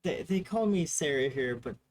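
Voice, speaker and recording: A man's voice: a little high, expressive, normal speed. A man voicing a patient, mild half-elf woman who teaches children. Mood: gentle. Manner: mild, sighing.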